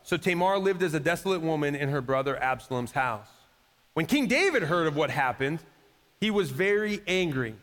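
A man's voice: fairly high pitch, animated, moderate pace, fairly bright tone. Preaching man in a reverberant hall. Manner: conversational preaching, acts out quoted voices, rising to emphatic peaks. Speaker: pastor. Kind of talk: sermon. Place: church sanctuary. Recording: long reverb of a large hall.

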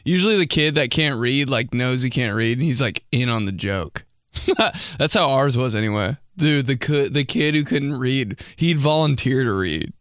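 A man's voice: medium pitch, animated, moderate pace, a bit bright, smooth, no echo, clean studio sound. A man hosting a comedy show, reading out listener stories in a casual, joking way. He laughs often and slips into mocking voices.

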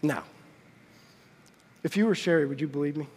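A fairly high-voiced man preaches to his congregation, telling a story and throwing himself into the quoted lines. His voice rings with the long reverb of a large hall. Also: normal speed. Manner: animated, acts out quotes with big pitch jumps. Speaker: pastor. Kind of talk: sermon storytelling.

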